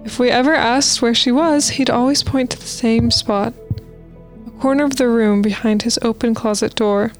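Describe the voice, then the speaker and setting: A woman's voice: on the high side, fairly even intonation, moderate pace, soft background music. A woman co-hosting a podcast, reading listener stories aloud in a casual, playful way with asides. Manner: reads posts aloud with playful asides and laughs.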